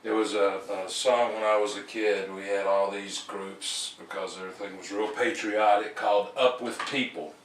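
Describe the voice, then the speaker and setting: A man's voice: fairly low pitch, steady tone, moderate pace, hardly any pauses, echoey room, distant mic, slight background noise, low-quality recording. A man hosting a call-in talk show, rambling with many fillers and restarts. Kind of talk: casual talk-show monologue.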